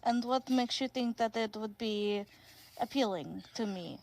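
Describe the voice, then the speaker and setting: A woman's voice: a little high, measured pace, a little mellow, slight background noise, poor audio. A woman playing a guarded, suspicious female character in a tabletop game, talking in a dry way.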